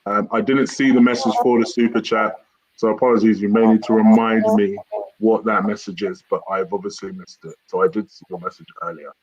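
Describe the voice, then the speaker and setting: Calm livestream host, dull audio. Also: male voice, lowish voice, fairly quick. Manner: calm, mildly hesitant with filler ums. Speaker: channel host. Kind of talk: livestream football review.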